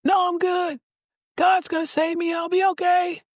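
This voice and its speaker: A man voicing a stubborn stranded man on a raft in a high, sing-song put-on voice while telling a story. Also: level tone, normal speed, dry recording, studio quality. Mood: stubbornly cheerful.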